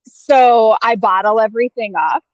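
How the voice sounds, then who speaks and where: A woman's voice: fairly high pitch, moderate pace, dry recording. A candid woman talks freely in a casual, rambling way, filling her speech with "like" and "you know". Her voice sounds close and dry, though a little dull and lo-fi. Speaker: guest having her chart read. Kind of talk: casual personal talk.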